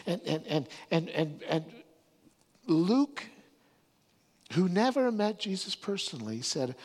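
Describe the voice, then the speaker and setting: A man's voice: high-pitched, very animated, takes it slowly, long pauses, darkish tone, in a large hall. A man preaching a sermon, telling the story earnestly and stumbling over restarts and repeated words.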